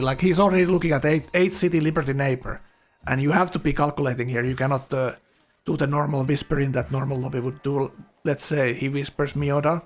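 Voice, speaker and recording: A man's voice: mid-range voice, steady tone, fast. A man from Finland, casually commentating a strategy game, chatty and laughing often.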